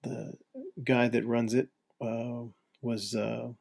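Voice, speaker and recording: A man hosting a casual solo podcast, talking haltingly with lots of fillers and restarts. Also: medium pitch, completely flat delivery, gravelly, darkish tone. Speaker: podcast host.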